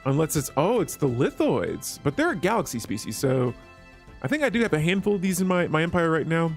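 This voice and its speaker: A man's voice: on the high side, sing-song, a little fast, soft background music. A man hosting a strategy game let's play, chatting casually with his viewers as he clicks through menus. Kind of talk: gameplay commentary.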